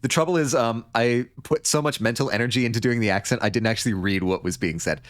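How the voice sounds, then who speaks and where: A man's voice: medium pitch, fast. A man livestreaming a story game, reading it aloud and joking along in a rambling, casual way. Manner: joking, rambling, with frequent laughs. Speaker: streamer.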